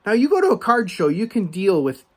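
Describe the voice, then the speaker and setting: A man's voice: high-pitched, fairly quick. A man hosting a card collecting channel, telling a story as a rant, chatty and full of asides, growing heated and emphatic. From United States. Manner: animated, grows heated and emphatic; conversational, frequent asides and restarts.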